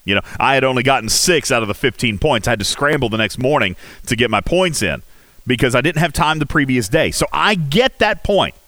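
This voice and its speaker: A man hosting a casual game livestream, talking in an animated, rhetorical way with many fillers. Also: mid-range voice, a little fast, no room sound. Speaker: livestream host. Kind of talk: casual game commentary chat.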